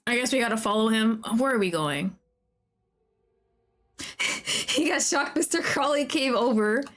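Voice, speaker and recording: A young woman streaming a game, talking to the characters, excitable and often laughing or swearing. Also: fairly high pitch, unhurried. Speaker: VTuber streamer. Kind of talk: casual gameplay commentary.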